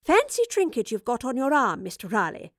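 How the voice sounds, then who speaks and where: A woman's voice: on the high side, wildly swooping pitch, a little fast, dry recording, clean studio sound. A woman voicing a bold, teasing female time-travelling professor with a cheeky, fearless manner.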